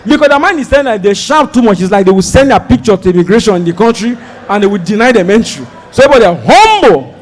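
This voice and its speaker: On stage in a large hall, a Nigerian stand-up comedian with a high, bright voice tells a story at a quick, very animated pace. He acts out both sides of a conversation with wildly leaping pitch, now and then bursting out loudly.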